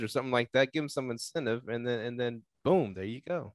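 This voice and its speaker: Male podcast host with a mid-range voice, dry close sound, relaxed storytelling with many restarts. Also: medium pitch, fast talker, hardly any pauses, no room sound. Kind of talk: casual podcast conversation.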